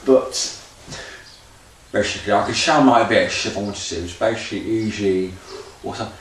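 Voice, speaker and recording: A man's voice: fairly low pitch, normal speed. Rambling man in an echoey room. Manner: rambling, loose, restarting often. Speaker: auditioning amateur actor. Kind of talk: unscripted audition vlog. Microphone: camera. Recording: echoey room, distant camera mic, faint ambience.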